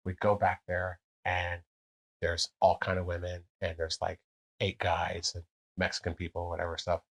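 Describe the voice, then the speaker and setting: A middle-aged man telling stories in casual chat, swearing freely and jumping into high voices to act out what others said. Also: moderate pace. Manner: animated storyteller, swears a lot, acts out quotes in high voices. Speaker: podcast guest. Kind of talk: casual storytelling.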